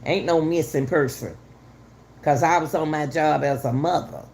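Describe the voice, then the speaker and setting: A woman's voice: sits low, normal speed, darkish tone, a little hiss or hum. A middle-aged woman giving heated, casual commentary to her viewers, repeating herself for emphasis. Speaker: channel host commenting on a news case.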